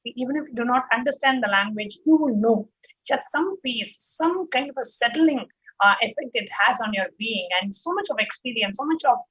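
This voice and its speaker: Husky-voiced woman hosting, effusive. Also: a little high, expressive, normal speed, fairly bright tone, low-quality recording. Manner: effusive, gushing. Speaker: host. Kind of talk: live show hosting.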